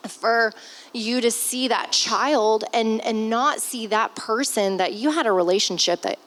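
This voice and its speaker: Speaking unhurriedly in a fairly high, slightly bright voice, a woman in her thirties opens up as a stepmother guest on a family podcast. She's heartfelt and near tears, sighing and swearing now and then, on a low-quality recording.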